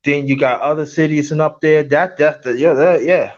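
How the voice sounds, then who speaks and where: A man hosting a casual chat, talking loudly in a New York accent, animated and slangy, repeating "yo" a lot. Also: a little high, moderate pace, dull audio. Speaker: host.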